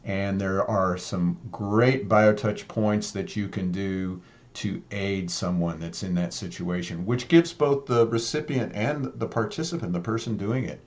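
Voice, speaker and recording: A man's voice: on the low side, measured pace. A man co-hosting a casual talk show, upbeat and jokey, with many fillers. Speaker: co-host. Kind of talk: casual chat.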